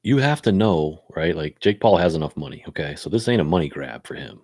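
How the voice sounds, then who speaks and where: A man's voice: a bass voice, expressive, a little fast, darkish tone, no room sound, studio quality. A man co-hosting a podcast, talking in an emphatic, profane, opinionated casual chat. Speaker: podcast co-host.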